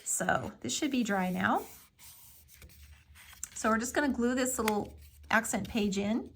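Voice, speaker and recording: A woman's voice: fairly high pitch, unhurried, a little hiss or hum. A woman giving a casual step-by-step craft tutorial, explaining each move with friendly fillers. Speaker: craft instructor.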